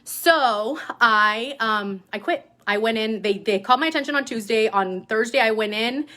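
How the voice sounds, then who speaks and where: A woman telling a personal story to her sales team in a casual, animated way, often adding "like" and "right?", and acting out what people said. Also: fairly high pitch, normal speed. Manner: acts out quoted dialogue in other voices. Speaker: direct-sales team leader.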